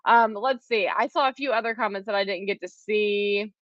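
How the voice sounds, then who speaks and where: A woman's voice: medium pitch, moderate pace, a bit bright, lo-fi sound. A chatty woman, hosting a live quilting class and greeting viewers by name. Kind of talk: live-stream chat with viewers.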